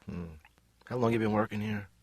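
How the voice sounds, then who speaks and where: A man's voice: fairly low pitch, fairly even intonation, brisk, husky, no room sound. A man voicing a neurotic, needy cartoon therapy patient who rambles and complains in a self-pitying way. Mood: needling. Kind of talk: animated sitcom voice acting.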